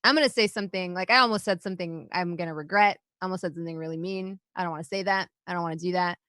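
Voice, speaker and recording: A woman's voice: on the low side, fairly even intonation, racing, fairly bright tone, no echo. Blunt swearing woman in dry podcast audio. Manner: blunt, swears freely, candid. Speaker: podcast co-host. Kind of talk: casual chat.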